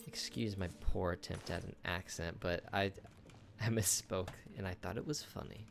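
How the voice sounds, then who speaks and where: A man's voice: deep voice, takes it slowly, gravelly, slight background noise. A man chatting casually through a video game, joking with the enemies he fights. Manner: chatty, jokes with on-screen enemies. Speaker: gameplay streamer. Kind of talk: casual gameplay commentary.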